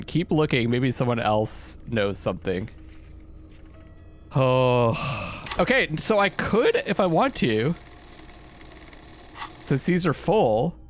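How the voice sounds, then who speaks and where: Chatty man thinking aloud over a game. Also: medium pitch. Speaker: let's play host. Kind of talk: casual gameplay commentary.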